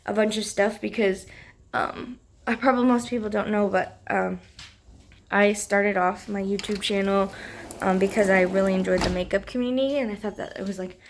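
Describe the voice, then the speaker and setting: A young woman vlogging in a casual, chatty way, giggling often and filling her talk with "like" and "um," with a slightly rough morning voice. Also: mid-range voice. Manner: chatty, giggly, lots of fillers. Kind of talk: casual vlog chat.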